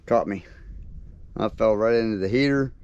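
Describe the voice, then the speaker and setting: A man chatting casually to viewers on his homestead, folksy and quick to laugh. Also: on the low side, darkish tone, smooth, no room sound, highs cut off. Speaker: homesteading vlogger. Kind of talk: casual vlog chat to camera. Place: outdoors on a rural homestead.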